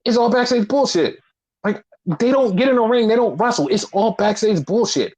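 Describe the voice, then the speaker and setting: A man co-hosting a casual wrestling recap podcast, blunt and profane, talking in an animated, opinionated way. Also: high-pitched, normal speed. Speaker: podcast co-host. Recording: dull lo-fi podcast audio.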